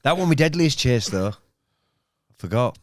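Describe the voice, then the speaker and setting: A middle-aged man with a Hull accent, telling animated, rambling stories in a casual podcast chat. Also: moderate pace. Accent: Hull, East Yorkshire. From Hull, England. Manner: animated, rambling storyteller with sudden pitch jumps. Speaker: podcast host.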